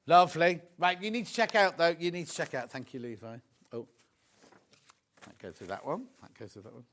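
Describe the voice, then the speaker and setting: High-voiced chatty male shopping presenter. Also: normal speed, slight background noise. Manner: chatty, excitable, chats to viewers and crew; lively and gushing over the products. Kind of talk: live TV shopping demo.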